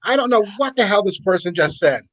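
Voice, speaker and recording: A man's voice: high voice, animated, brisk, dry recording, lo-fi sound. A man from New England in a casual chat, playful and teasing about accents. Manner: playful, mock-coaching.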